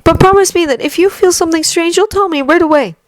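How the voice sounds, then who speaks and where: A woman voicing a gentle, earnest blind teenage hero boy in a fanfiction reading, speaking softly and thoughtfully. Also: very high voice, fast, dry recording, pitched above the performer's own voice.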